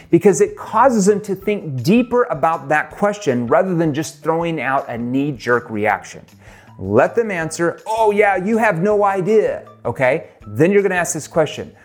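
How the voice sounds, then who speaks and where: A middle-aged man leads a sales training lesson, his voice swinging widely in pitch as he stresses key points. He speaks emphatically and breaks into acted sample questions. Faint music plays behind him.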